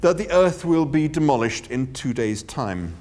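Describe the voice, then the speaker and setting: A man doing an unflappable alien traveller with a dry, clipped delivery. Flat and knowing in tone, while his pitch still rises and falls with some life. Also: moderate pace, a little hiss or hum, lightly acted. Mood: matter-of-fact. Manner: dry, matter-of-fact, clipped.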